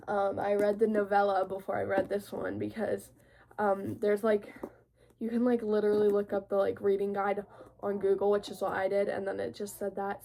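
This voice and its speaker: A woman's voice: mid-range voice, a little mellow, slight background noise. A teenage girl with a cold and sniffles, chatting casually and rambling about her new books. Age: teens. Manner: rambling, filler-heavy, bubbly. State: sick with sniffles. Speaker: book vlogger. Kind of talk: casual chat.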